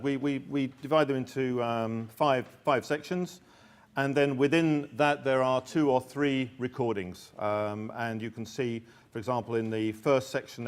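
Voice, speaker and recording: A middle-aged man with an ordinary mid-range voice gives a talk to an audience. He often stumbles and restarts, repeating small words before he finds the phrase. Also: mid-range voice. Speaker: teacher and author presenting a course book. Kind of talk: presentation talk.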